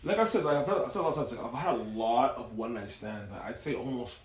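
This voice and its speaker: Fast, profane young man chatting. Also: mid-range voice. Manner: profane, rambling, lots of "like". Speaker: podcast co-host. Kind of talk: casual podcast chat. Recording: echoey room.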